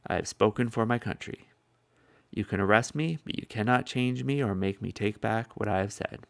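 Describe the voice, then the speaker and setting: A proud older chief pushes back with pointed questions in a low, gravelly voice, as a man reads him aloud. The recording is close and dry. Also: moderate pace, dry recording. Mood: defiant. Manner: defiant, questioning. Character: defiant, proud older male tribal chief.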